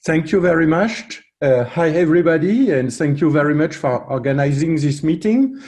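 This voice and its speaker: A man with a French accent presenting at a roundtable, pausing often with fillers and restarts. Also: a little high, animated, a little mellow. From France. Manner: hesitant, many fillers and restarts. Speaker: panel speaker, researcher.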